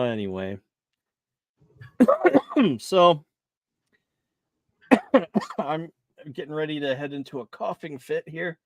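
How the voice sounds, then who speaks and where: A man's voice: a little high, no echo. A man co-hosting a casual chat show from his desk, rambling with lots of fillers and restarts, and laughing easily. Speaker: podcast co-host.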